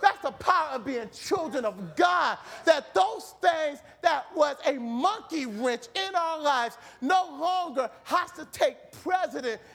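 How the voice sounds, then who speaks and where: A man preaching a fervent sermon in a church, shouting and repeating phrases. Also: very high-pitched.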